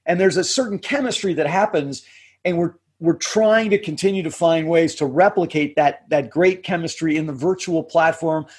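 A middle-aged man, a communications coach, explaining his points in a measured way during a podcast interview, often restarting his phrases. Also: fairly high pitch, breathy edge. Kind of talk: conversational interview answers.

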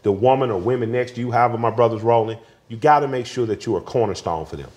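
A man, a guest telling family stories candidly, swinging between laughter and quiet grief. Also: medium pitch, fast talker. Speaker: interview guest. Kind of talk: candid conversational storytelling.

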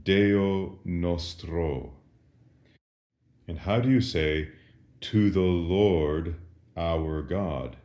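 A very deep-voiced priest teaches Latin prayers at a deliberately slow pace. He asks each question and leaves a patient pause before he answers it. His voice carries a roomy echo. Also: warm tone. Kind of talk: slow catechism lesson with call and response.

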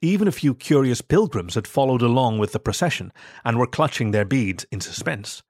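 A man narrating a first-person story in a steady, measured reading. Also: mid-range voice, no echo, clean studio sound.

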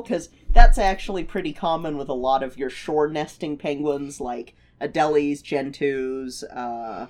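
A woman's voice: low voice, a little slow, hardly any pauses, a little mellow. A woman co-hosting a podcast in casual chat, informative and giggly. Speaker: podcast co-host.

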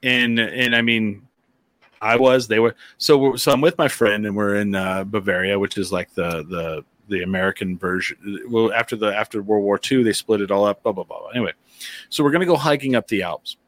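A man hosting a podcast, chatting casually and telling stories, with animated quoted voices. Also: fairly low pitch, brisk. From near the Texas border, eastern New Mexico. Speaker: podcast host. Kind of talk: casual chat, storytelling.

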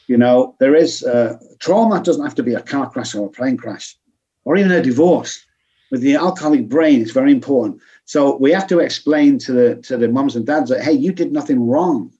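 Male interview guest, breathy rough tone, earnest and explanatory, mid-range voice. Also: mid-range voice, warm tone, dull audio. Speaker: addiction recovery guest. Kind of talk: conversational interview.

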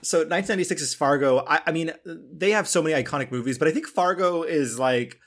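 A man's voice: fairly high pitch, quick pace, a bit bright. A man hosting a film podcast, rambling casually with fillers, restarts and casual swearing. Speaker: podcast host. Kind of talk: casual chat.

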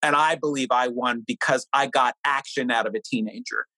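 A man's voice: normal speed, dry recording, poor audio. A middle-aged man, an author being interviewed, explaining ideas and telling a family anecdote in a conversational way. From New Hampshire. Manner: animated storyteller, lively pitch. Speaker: author and guest.

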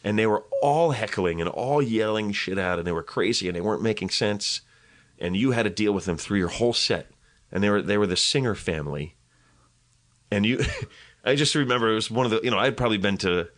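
A man's voice: on the low side, lively intonation, a little fast, a bit bright. A man, a comedian, chatting casually on a podcast, telling stories in a rambling, self-deprecating way. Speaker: comedian guest.

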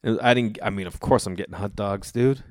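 A man from the Boston area telling rambling casual stories, jumping into animated voices for the people he quotes. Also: fairly low pitch, brisk, dry recording, studio quality. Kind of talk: casual storytelling monologue.

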